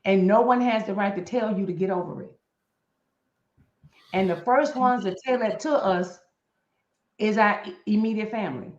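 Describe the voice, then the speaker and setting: A woman's voice: mid-range voice, normal speed, long pauses. A middle-aged woman talks about grief with blunt, preacher-like emphasis, circling back to repeat her key points. Her voice carries a roomy echo. The live-stream audio sounds a little dull. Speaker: guest on live chat show. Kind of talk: impassioned talk on grief.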